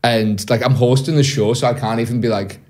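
A comedian telling a story on a podcast in a casual, animated way, swearing freely and laughing as he goes. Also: medium pitch, a little fast. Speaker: comedian guest.

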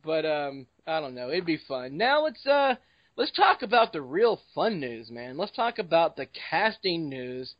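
A man hosts a casual podcast chat, leading the talk with loose jokes. His voice sits a little high. The sound is dry and close, with dull lo-fi quality. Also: very animated, measured pace, no room sound. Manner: joking, informal, leads the discussion. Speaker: podcast host.

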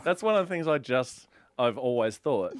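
A man co-hosting a casual podcast, often laughing and building on the jokes. His pitch moves a lot. The recording is dry. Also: expressive, normal speed, dry recording. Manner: laughing, joking along. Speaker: podcast co-host.

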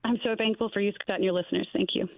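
A woman's voice: mid-range voice, steady tone, rapid-fire, no room sound. A woman calling in as a guest advocate, speaking in an emphatic, heartfelt way. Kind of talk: phone interview. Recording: tinny phone line.

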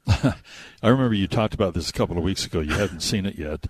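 A man hosting a casual radio chat about movies, telling the story with animated acted-out quotes. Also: deep voice, fairly quick, a little hiss or hum. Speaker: radio host.

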